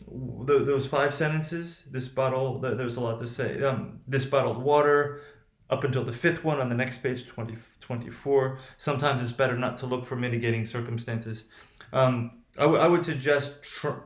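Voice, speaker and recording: A male teacher with a General American accent, lecturing on pronunciation, halting, restarting often and checking with "right?". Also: mid-range voice, roomy sound. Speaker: phonetics teacher. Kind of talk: recorded remote lecture.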